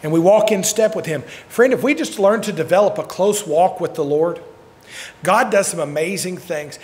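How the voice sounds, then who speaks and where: A man preaching a sermon, telling stories and swinging from shouts to quiet asides. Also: high-pitched, moderate pace. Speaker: pastor. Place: church sanctuary. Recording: long church hall reverb.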